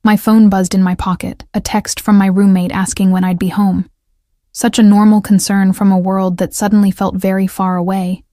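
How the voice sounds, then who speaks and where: Mellow woman narrating a romance audiobook. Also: mid-range voice, level tone, moderate pace, dry recording, studio quality.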